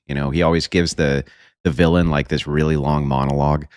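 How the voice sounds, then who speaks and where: Deep-voiced blunt, profane man. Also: fairly even intonation, a little fast, darkish tone, smooth, no echo. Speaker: streamer reacting to news. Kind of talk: casual reaction commentary.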